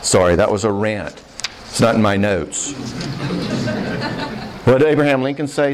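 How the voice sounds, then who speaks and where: A man's voice: fairly low pitch, animated, moderate pace, long pauses, background noise. A man giving an earnest, conversational sermon-style talk on forgiveness, emotional at times, checking in with listeners as he goes. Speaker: Christian speaker on marriage and forgiveness.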